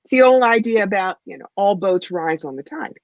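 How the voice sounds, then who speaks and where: A woman guest, a psychic medium and author, telling stories in an interview in a punchy, animated way. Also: mid-range voice, fairly quick, no room sound, dull audio. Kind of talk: interview storytelling.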